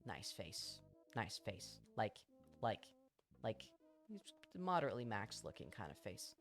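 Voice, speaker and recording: A man telling a long story on a live stream in a lively, profane way, full of fillers and bursts of laughter. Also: on the low side, a little slow, faint music behind.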